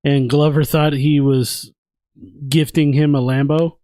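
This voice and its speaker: A man co-hosting a casual podcast, often laughing and chiming in with quick reactions. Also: on the high side, level tone, warm tone, clear, resonant tone, dry recording. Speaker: podcast co-host. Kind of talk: casual chat watching fights.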